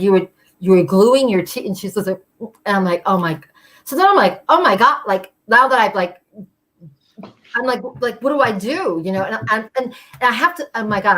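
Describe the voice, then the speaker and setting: A woman's voice: medium pitch, a bit bright. A woman telling a personal story at a live storytelling show, chatty and full of fillers, acting out the voices of the people she quotes.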